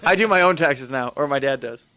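A man's voice: mid-range voice, brisk, a crowd in the background. A young man chatting casually as a show regular, telling stories in a laid-back, giggly, profane way. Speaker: tattoo artist, cast member. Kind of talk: casual chat.

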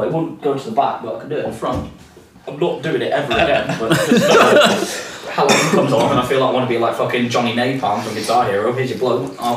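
A man in his late twenties, a podcast co-host telling rambling, crude stories with lots of laughter and swearing. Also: medium pitch. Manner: rambling, laughing storyteller who swears freely. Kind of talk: casual chat among friends. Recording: roomy, distant mic, noisy background.

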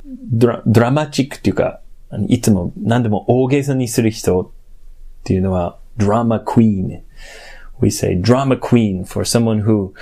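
Hosting a bilingual podcast alone, a man talks casually and playfully in a low, warm voice. His delivery switches between sulky complaints and muttered asides.

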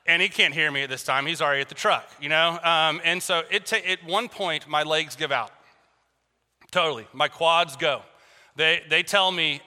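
A man preaching a sermon to a congregation, animated and joking, often asking the crowd questions. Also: a little high, moderate pace. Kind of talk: sermon with personal storytelling. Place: large hall with a congregation. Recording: long reverb from a large hall.

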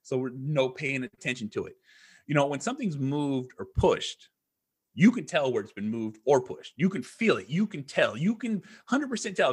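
A man's voice: fairly high pitch, husky. A man who is a podcast guest, telling a rambling, profane story in casual chat.

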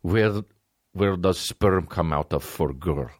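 A man putting on a gruff, blunt Russian man who speaks low, clipped broken English with a heavy Russian accent. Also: slow, dry recording.

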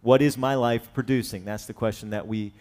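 A man preaching a sermon as pastor, earnest, pushing key phrases hard and then letting them fall low, often repeating words as he drives a point home. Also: steady tone, a little fast, darkish tone.

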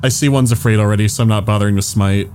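Man calmly taking his turn. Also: fairly low pitch, very fast, a little hiss or hum. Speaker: player. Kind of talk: playing a tabletop game.

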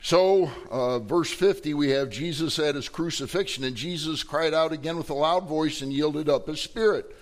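A middle-aged male pastor preaching a sermon, telling Bible stories with animated storytelling and acting out quoted voices. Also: on the high side, normal speed, few pauses.

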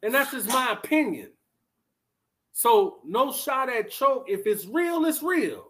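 A man commentating casually on a live stream, blunt and animated, talking straight to his viewers and chat. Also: extremely high pitch, slow. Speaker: vlogger reacting to live chat.

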